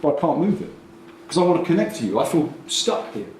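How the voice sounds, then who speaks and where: A man delivers an animated keynote at a conference, his pitch jumping all over as he jokes and acts out little scenes. He sits a bit high for a man and sounds far from the mic. A big echoey hall rings around him, with faint room noise underneath. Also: fast. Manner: lively, jokey, acts out quotes in voices. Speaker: conference speaker.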